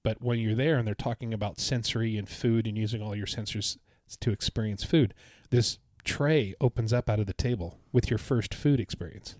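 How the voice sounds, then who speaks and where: A man's voice: lowish voice, moderate pace, few pauses, a little mellow, no room sound, studio quality. A man co-hosting a podcast, recounting his trip in a casual, enthusiastic, rambling way. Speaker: podcast co-host. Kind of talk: casual chat.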